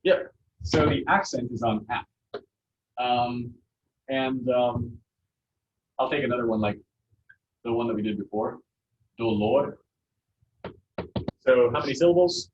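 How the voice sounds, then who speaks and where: A man's voice: medium pitch, a little slow, pauses often. A man teaching a Spanish class, explaining patiently with many fillers and restarts. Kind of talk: classroom lesson. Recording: dull lo-fi classroom recording with faint noise.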